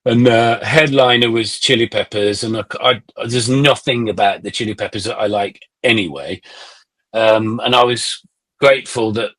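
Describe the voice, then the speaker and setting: A middle-aged man, a musician guest on a podcast, telling animated anecdotes in casual conversation and swearing freely. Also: lowish voice, moderate pace.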